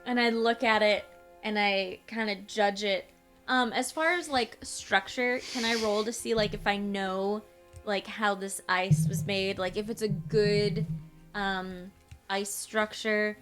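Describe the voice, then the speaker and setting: A woman's voice: mid-range voice, steady tone, unhurried, a bit bright, faint music behind. A woman playing a tabletop game who talks in an uncertain, giggly way, full of likes and ums. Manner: giggly, uncertain, filler-heavy. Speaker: player. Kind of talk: casual tabletop play.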